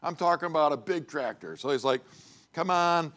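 Conversational middle-aged chapel preacher. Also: male voice, on the high side, lively intonation, fast, fairly bright tone. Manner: conversational storytelling with frequent "you know" and "okay?". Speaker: chapel speaker. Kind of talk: sermon.

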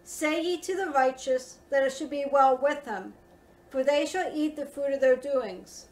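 High-voiced woman reading scripture. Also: a little mellow. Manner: measured, formal reading. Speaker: scripture reader. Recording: roomy echo, distant from mic.

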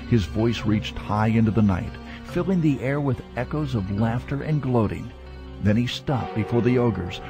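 A man narrating a fantasy novel in a dramatic, measured storytelling manner. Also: mid-range voice, darkish tone, breathy edge. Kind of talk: scripted audiobook narration.

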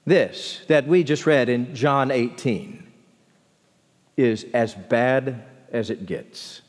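A man preaching a sermon as pastor, expressive, dropping low and slow for emphasis. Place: large church sanctuary. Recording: long church hall reverb.

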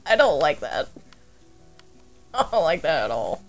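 A woman's voice: sits low, big pitch swings, measured pace, music in the background. A woman playing a flustered, giggly young nerd. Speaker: roleplay player. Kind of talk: casual Minecraft roleplay.

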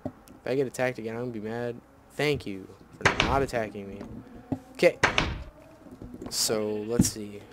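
A man's voice: fairly low pitch, normal speed, long pauses, noisy background. A man giving casual gameplay commentary, grumbling and swearing whenever things go wrong. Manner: grumbling, easily annoyed, swears. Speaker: let's play host.

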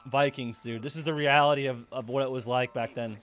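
A man casually reacting to an anime episode, excitable, swearing and laughing often as he talks. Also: medium pitch, fairly quick.

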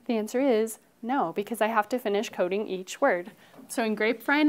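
A young woman teaching a phonics lesson to first graders in a classroom, upbeat and encouraging, slowly drawing out words as she models them. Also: fairly high pitch. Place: elementary classroom.

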